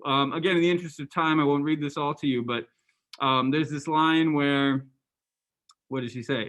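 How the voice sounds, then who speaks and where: A man's voice: a little high, fairly even intonation, normal speed, fairly bright tone, rough recording. A man giving a university lecture in a casual, conversational way, often asking the class questions and restarting sentences with ums. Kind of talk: lecture to students.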